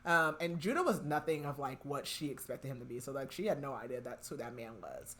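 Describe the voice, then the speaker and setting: A woman's voice: extremely low pitch, lively intonation, fairly quick, a bit bright. A young woman hosting a podcast, casually retelling a novel's plot and filling her speech with "like". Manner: chatty, heavy use of "like", retells scenes with quoted lines. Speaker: podcast host. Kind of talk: casual book recap.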